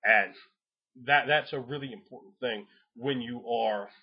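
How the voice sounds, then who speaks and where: A man giving casual game master advice in a rambling, profane way, laughing often and acting out players in quick voices. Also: mid-range voice, slightly rough. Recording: dull lo-fi home recording.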